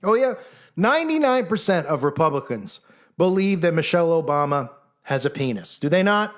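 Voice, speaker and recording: A man's voice: a little high, big pitch swings, moderate pace. A man delivering an argumentative monologue, combative and mocking, firing off rhetorical questions and mimicking his critics. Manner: acts out critics in mock voices. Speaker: commentator.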